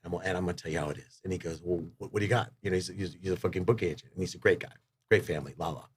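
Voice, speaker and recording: Low-pitched male guest, rambling and upbeat, swears freely. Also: very fast, husky. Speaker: podcast guest, rock singer. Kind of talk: casual chat.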